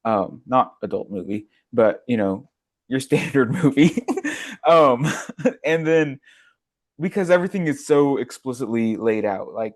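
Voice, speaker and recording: A man's voice: mid-range voice, animated, a little slow. Joking, sarcastic man co-host. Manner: joking, sarcastic, often laughing. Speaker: podcast co-host. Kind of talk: casual chat.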